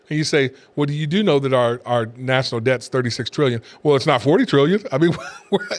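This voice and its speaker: A man's voice: on the high side, fast talker. A man, a pastor hosting a show, giving emphatic political commentary to camera, repeating his points with scornful asides. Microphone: camera facing speaker.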